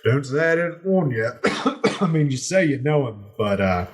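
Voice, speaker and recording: A man playing a fussy gatekeeper who coaxes and fusses in a chummy, hurried way. His voice sits a little higher than his own, with a wheedling edge. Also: sing-song, close to an everyday voice. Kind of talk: tabletop role-play character voice.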